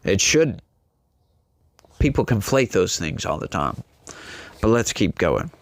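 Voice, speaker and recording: A man's voice: low voice, very animated, slow, vocal fry, dry recording. A man hosting a political commentary show, delivering an opinionated monologue straight to his audience in an emphatic, preachy way.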